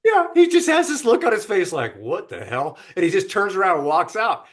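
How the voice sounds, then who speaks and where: A man's voice: high-pitched, brisk. A man hosting a podcast, telling an anecdote in a casual chat over a remote call and putting on voices for the people in it. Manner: animated anecdote teller with quoted voices. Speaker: podcast host.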